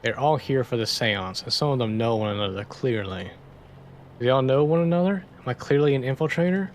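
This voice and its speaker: A man playing a detective game, casually reading its text aloud and thinking out loud between lines. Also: medium pitch, expressive, a little fast, a little hiss or hum. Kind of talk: let's-play narration.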